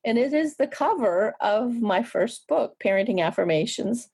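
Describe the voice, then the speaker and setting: A middle-aged woman, a counselor guesting on an interview show, telling stories in a reflective, easygoing way with many restarts and soft laughs. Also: a little high, lively intonation, moderate pace, creaky, slightly rough. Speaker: guest, energy psychology counselor. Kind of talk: casual interview storytelling.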